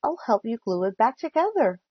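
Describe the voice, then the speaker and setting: A woman's voice: fairly high pitch, big pitch swings, brisk, breathy edge, no echo, lo-fi sound. Woman reading as a sleepy little girl, Goldie. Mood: soft.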